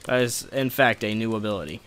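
Guy cursing nonstop at a video game boss, sarcastic rant, bright sharp voice. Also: on the low side, fairly quick, slight background noise. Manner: profane, ranting frustration at the game. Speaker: let's play gamer. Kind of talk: gameplay commentary.

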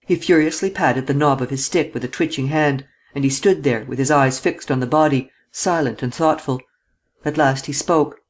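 A man narrating an audiobook of a detective novel in a measured storytelling manner. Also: medium pitch, steady tone. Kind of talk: scripted narration.

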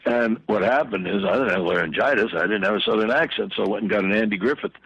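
An older man, a podcast guest, telling long rambling anecdotes full of fillers and restarts in a husky voice. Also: lowish voice, fast, fairly bright tone, no room sound, dull audio. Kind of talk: anecdotal storytelling in a podcast interview.

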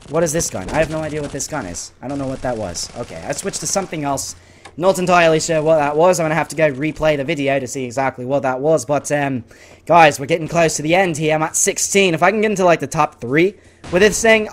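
A man with a slightly high voice narrates his gameplay as it happens. He is excitable, bursting into frustrated yelps and then dropping into low muttering. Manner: excitable, swings between frustrated outbursts and muttering. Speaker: gaming YouTuber. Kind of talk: live gameplay commentary.

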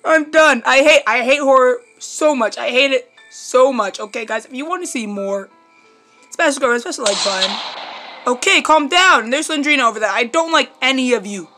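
High, bright young woman screaming through a horror game. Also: normal speed, faint music behind. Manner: jumpy, screams and shrieks at scares, then mutters quietly to herself. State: strained voice from screaming. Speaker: gaming YouTuber. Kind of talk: horror game let's play commentary.

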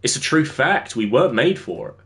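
A man's voice: mid-range voice, very animated, fairly quick, fairly bright tone. A young English man chatting casually on a gaming livestream, rambling and answering his chat as he plays. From England. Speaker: streamer.

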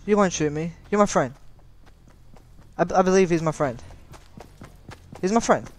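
A young man commenting on his own gameplay as a channel host. His voice sits high and leaps around a wide range. He sounds exasperated and excitable, sometimes pleading. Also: a little slow.

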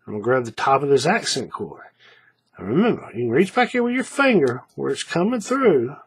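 Husky-voiced man walking through a craft step by step. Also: medium pitch, big pitch swings, fairly quick. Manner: chatty, repeats steps, checks in with "right?". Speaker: paracord craft instructor. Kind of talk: hands-on tutorial explanation.

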